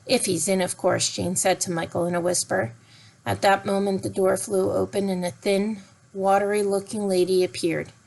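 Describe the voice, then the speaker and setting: A woman reading a children's storybook aloud in a gentle, expressive way. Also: mid-range voice, normal speed, creaky, poor audio. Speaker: narrator.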